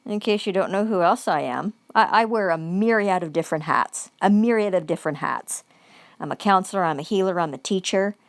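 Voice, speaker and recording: A woman's voice: lowish voice, brisk, no room sound. A woman giving an angry, profane vlog monologue, repeating phrases for emphasis.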